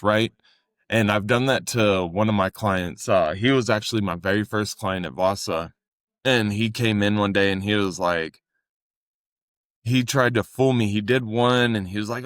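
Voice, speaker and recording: A young adult man co-hosting a casual podcast, talking earnestly about coaching and sometimes acting out what he says to clients in a louder voice. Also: lowish voice, normal speed, no room sound, studio quality. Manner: earnest, conversational, acts out quotes with raised voice. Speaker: fitness coach and podcast co-host.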